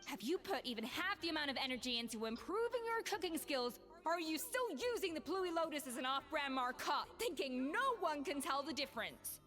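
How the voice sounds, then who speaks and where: Brief: measured, reproachful senior chef, high and clear. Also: female voice, big pitch swings, pushed and bright, in a large hall, faint music behind, heavily acted. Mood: stern. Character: poised former head chef woman, stern but caring.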